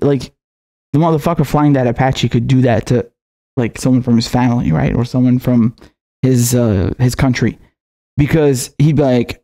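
A man's voice: medium pitch, moderate pace, warm tone. A man hosting a political commentary show, ranting with anger and heavy swearing, often stammering and restarting. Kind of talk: heated video commentary.

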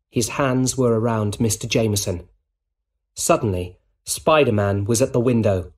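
A man reading a simple storybook in slow, deliberate narration for English learners. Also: lowish voice, a little mellow. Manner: plain and deliberate.

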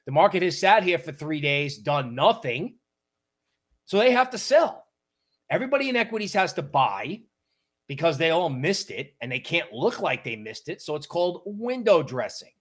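A man hosting a casual livestream on markets, talking in an animated, joking storytelling way. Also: on the high side, moderate pace. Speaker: crypto market livestream host.

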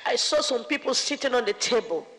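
A woman's voice: a little high, lively intonation, a little fast, fairly bright tone, long reverb tail, rough recording. A woman giving an emotional religious testimony, fervent and pleading, at times close to tears. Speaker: testifying speaker.

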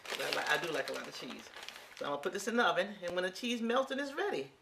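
A woman's voice: fairly low pitch, lively intonation, very fast, vocal fry, noisy background. Folksy exclamatory woman in her sixties. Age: 60s. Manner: exclamatory and folksy, talks straight to viewers. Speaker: home cook. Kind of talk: casual cooking demonstration.

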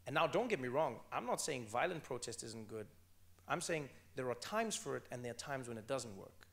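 An earnest South African man in his thirties, talking onstage as an author at a book event. His voice has a gravelly, creaky edge and sits at a middling pitch. He presses his points hard and circles back to repeat key phrases. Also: big pitch swings, brisk, fairly bright tone. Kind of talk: onstage conversation.

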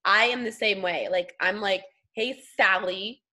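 A woman's voice: medium pitch, normal speed, bright, forceful tone. A young woman leading a casual coaching chat, upbeat and slangy. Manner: chatty, upbeat, slangy, puts on voices when quoting. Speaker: team leader hosting a call.

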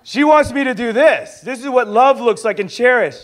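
A young adult man teaching in a sermon style, lively and acting out little dialogues as he goes. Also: very high-pitched, moderate pace. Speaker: pastor teaching a discipleship school.

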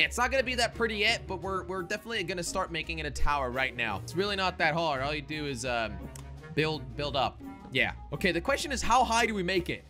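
A man hosting a gaming video, giving excitable Let's Play commentary that swings from mutters to shouts. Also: sits high.

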